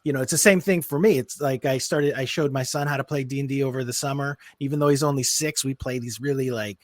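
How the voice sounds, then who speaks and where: A man hosting a casual interview over a video call, speaking in a relaxed way with many "um"s and "you know"s. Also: mid-range voice, quick pace, no echo, clean studio sound. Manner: relaxed, hesitant, many fillers and restarts. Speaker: podcast host.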